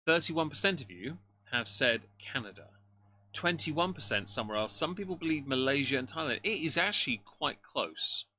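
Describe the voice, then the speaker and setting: A man's voice: medium pitch, expressive, normal speed, pushed and bright, slight background noise. A man giving live reaction commentary on a stream, making dry, mocking remarks while greeting his chat. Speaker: livestream commentator.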